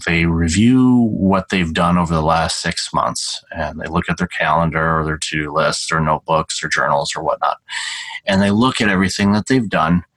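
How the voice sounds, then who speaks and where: Middle-aged podcast host from Canada, deep voice, loose self-deprecating delivery, dry close-miked sound. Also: male voice, a bit bright, dry recording, low-quality recording. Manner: rambling, self-deprecating, with many fillers. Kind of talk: casual solo podcast talk.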